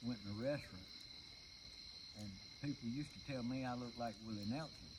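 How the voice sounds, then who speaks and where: A man's voice: medium pitch, fairly quick. Folksy older Southern man. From Georgia. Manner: folksy, easygoing storyteller. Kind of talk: casual chat. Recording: noisy outdoor recording.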